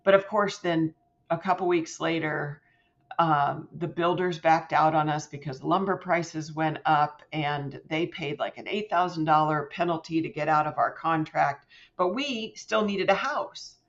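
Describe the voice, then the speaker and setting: A middle-aged woman, a podcast guest, telling a personal story in an animated way and acting out quoted voices with big jumps in pitch. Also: measured pace. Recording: slightly muffled lo-fi sound.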